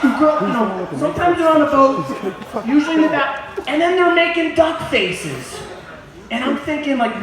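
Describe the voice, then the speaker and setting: A man doing a crude, crowd-baiting stand-up set on a pub stage, often shouting at the audience. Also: extremely high pitch. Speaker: stand-up comedian. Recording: echoey room with crowd noise.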